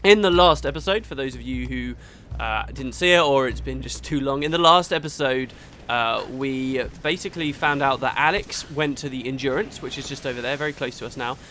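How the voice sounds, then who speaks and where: Recorded in Audacity on a desktop mic while a thunderstorm rolls outside, a young man provides gameplay commentary at home. His medium-pitched voice is brisk, pushed, and bright as he chats and rambles, with a little background noise.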